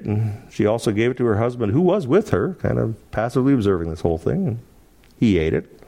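Animated man teaching the Bible. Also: on the low side, fairly quick. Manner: animated, laughs often, dramatizes quoted lines.

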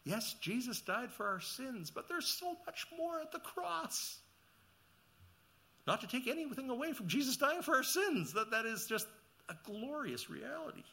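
A man preaching a sermon, asking the listeners questions and reading scripture, rising to loud emphatic peaks and dropping to quiet low passages. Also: very animated, normal speed, creaky. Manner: asks the listeners questions and reads scripture aloud. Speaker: pastor.

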